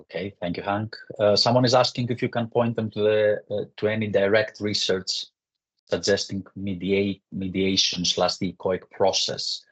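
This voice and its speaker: Man, moderator, husky, low voice, polite, hesitant. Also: level tone, moderate pace, a bit bright. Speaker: session moderator. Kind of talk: reading audience questions.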